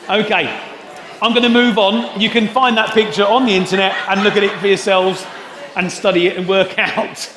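A man's voice: high voice, steady tone, normal speed, fairly bright tone, a faint crowd. A man preaching an Easter sermon, talking conversationally and putting questions to the congregation. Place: church hall. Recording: roomy hall echo.

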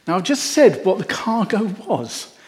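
A man preaching a sermon, telling the story in an animated way with wry jokes. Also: high voice, unhurried. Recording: echoey hall.

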